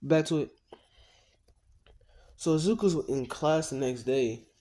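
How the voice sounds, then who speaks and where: A man's voice: fairly high pitch, slow, pauses often, dark tone. Casual, slangy male storyteller. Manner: rambling, slangy and profane with asides. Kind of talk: casual fan-story narration.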